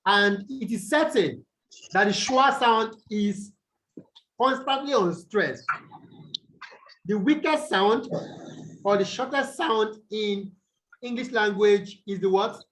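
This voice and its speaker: High-pitched guy teaching english stress on a video call, slow, repeats words to show stress. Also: expressive, fairly bright tone, poor audio. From Nigeria. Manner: asks questions then answers them himself. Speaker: English tutor. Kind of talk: online tutorial lesson.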